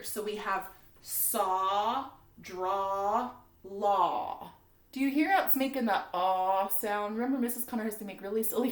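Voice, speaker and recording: A second grade teacher, a woman, walks young pupils through their spelling words. She is cheerful and encouraging and slows right down to sound out each word. Her voice is picked up from some distance away in a roomy, echoing space. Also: medium pitch, a bit bright. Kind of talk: recorded classroom lesson.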